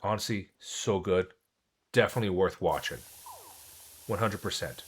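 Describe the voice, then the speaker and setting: Guy streamer rambling about stuff while gaming, lowish voice, bit of faint hiss behind. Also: normal speed, rough recording. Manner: rambling, chatty, many restarts. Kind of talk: casual chat while gaming.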